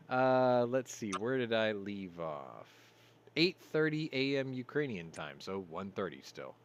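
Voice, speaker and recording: A man hosting a casual news commentary show, rambling, going off on tangents and apologizing for them. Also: on the low side. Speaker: host.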